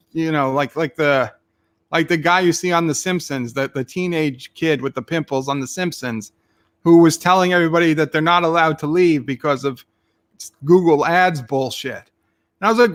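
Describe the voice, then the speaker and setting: A man's voice: a little high, a bit bright. A man streaming, casually retelling a dream in a rambling, swearing way and acting out his own lines.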